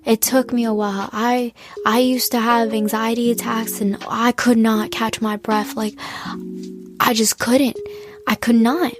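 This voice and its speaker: A nineteen-year-old woman giving casual, earnest self-help advice, often saying "like" and sometimes dropping to a soft whisper. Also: on the high side, level tone, a little slow, over music. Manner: earnest, heavy use of "like", drops into soft whispers.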